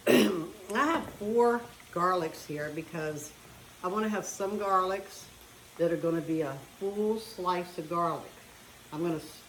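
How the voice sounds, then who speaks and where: A woman's voice: fairly low pitch, a little hiss or hum. A woman talking casually as she cooks at home, chatting her way through each step. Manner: chatty, talks while cooking. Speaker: home cook. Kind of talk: casual cooking demonstration. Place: home kitchen. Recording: echoey kitchen with frying sizzle.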